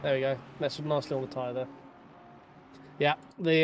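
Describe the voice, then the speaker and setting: A man with a mid-range voice talks at a normal speed with fairly even intonation, and there's slight background noise. He's streaming sim racing, joking and swearing casually with viewers while they review race replays.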